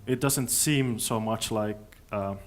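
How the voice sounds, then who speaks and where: A man speaking at a conference, answering audience questions in a thoughtful, halting way with many restarts. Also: on the low side, a little hiss or hum. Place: conference hall.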